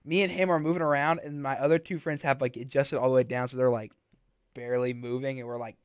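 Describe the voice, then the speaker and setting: A man's voice: medium pitch, fairly even intonation, fast talker, clear, resonant tone, no room sound, studio quality. Chatty young man hosting college radio. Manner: rambling, filler-heavy, laughs often. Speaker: college radio podcast host. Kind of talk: casual chat. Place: small radio studio.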